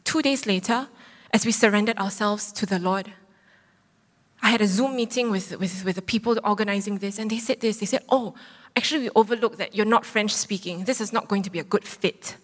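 A woman in her thirties preaching, telling a personal story with lively acted-out quotes. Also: medium pitch, brisk. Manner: animated storytelling, acts out quotes. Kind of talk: sermon testimony. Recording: long hall reverb.

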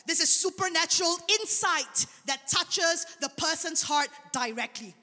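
A woman preaching a sermon, telling a testimony in an animated way. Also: extremely high pitch, unhurried. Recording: long hall reverb.

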